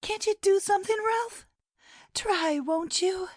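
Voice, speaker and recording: A woman voicing a sweet young woman in love who speaks softly and coaxingly. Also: extremely high pitch, slow pace, pitched above the performer's own voice. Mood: pleading.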